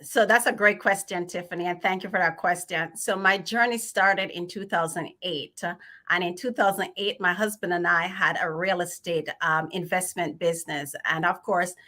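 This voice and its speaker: A woman's voice: fairly low pitch, steady tone, moderate pace, sharp tone. A middle-aged woman from Jamaica with a Jamaican accent, a financial planner telling her story in a friendly way as a livestream guest. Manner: friendly storytelling, filler uhs. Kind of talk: casual livestream chat.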